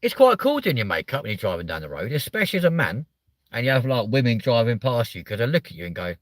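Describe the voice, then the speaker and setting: A young man hosting a live comedy stream from a car, sweary and mocking, jumping from loud outbursts to muttered asides. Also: mid-range voice, very animated, fast talker, dry recording. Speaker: host of a live stream show. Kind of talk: crude comedic live chat.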